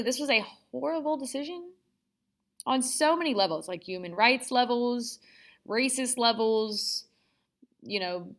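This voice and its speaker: A woman's voice: fairly high pitch, a bit bright. A young woman teaching a casual history lesson, chatty and sarcastic, acting out quotes in playful voices.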